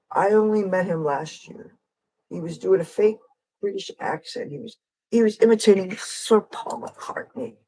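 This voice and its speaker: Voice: medium pitch, darkish tone, poor audio. Rambling, digressive livestream chatter. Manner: rambling and digressive, jumps between topics. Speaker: livestream host and street guitarist. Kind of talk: casual rambling livestream chat.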